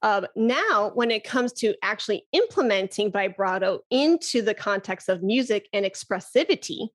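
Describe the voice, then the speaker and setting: A woman flute teacher talking on a podcast in an animated way, laughing often and demonstrating breath sounds. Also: medium pitch, moderate pace. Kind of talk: casual podcast conversation.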